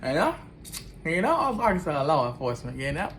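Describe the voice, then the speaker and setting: A man's voice: on the high side, big pitch swings, fast talker, fairly bright tone, slight background noise. A man animatedly telling a personal story in loose, slangy talk, acting out every line of the dialogue himself.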